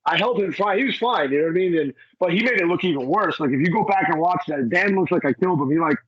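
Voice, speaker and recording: A wrestler in casual chat with an interviewer, talking loosely and filling gaps with "you know" and "like.". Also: male voice, high voice, animated, quick pace, slightly rough, no room sound, dull audio. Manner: rambling, many fillers like "you know" and "like". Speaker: wrestler guest.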